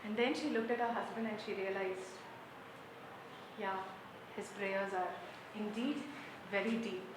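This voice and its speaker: A woman telling a folk tale to children in an animated way, questioning her audience as she goes. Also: medium pitch, a little slow, background noise. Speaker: storyteller. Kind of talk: interactive storytelling for children. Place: performance room with an audience. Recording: roomy hall with light ambience.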